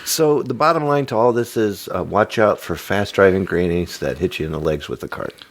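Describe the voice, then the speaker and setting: A man's voice: low-pitched, normal speed. A man co-hosting a casual podcast, teasing and playful in his banter. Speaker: podcast co-host.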